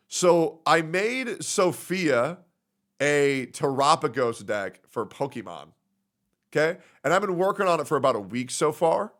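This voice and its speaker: A young man streaming and telling a story to his chat in a loud, animated way, laughing at his own jokes. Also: fairly high pitch.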